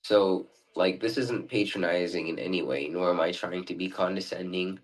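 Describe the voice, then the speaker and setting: A man's voice: low-pitched, steady tone, moderate pace, low-quality recording. A man on a video chat who rambles and apologizes a lot while asking questions. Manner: rambling, overly careful, keeps apologizing. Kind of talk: casual chat.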